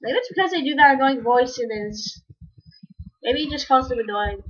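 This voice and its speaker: A woman giving casual, rambling commentary while playing a game, breaking into sudden excited yelps. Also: high voice, normal speed. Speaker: gamer. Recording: dull lo-fi recording.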